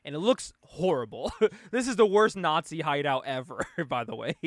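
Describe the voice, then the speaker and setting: Dry-sounding laughing guy, lively voice. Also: on the high side, normal speed, dry recording. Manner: laughs often, swears casually. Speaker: podcast co-host. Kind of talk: casual comic review chat.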